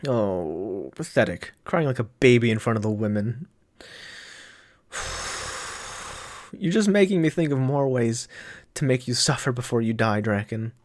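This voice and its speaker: A man's voice: medium pitch, expressive, measured pace, pauses often, voice pushed down, lightly acted. A man reading manga lines aloud as a ruthless male villain, sneering and clipped. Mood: mocking.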